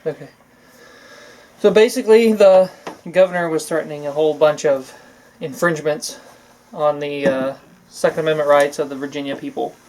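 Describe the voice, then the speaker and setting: A man co-hosting a casual talk show, explaining the week's news in a loose, halting way. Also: fairly high pitch, a little mellow, a little hiss or hum, rough recording. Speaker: podcast co-host.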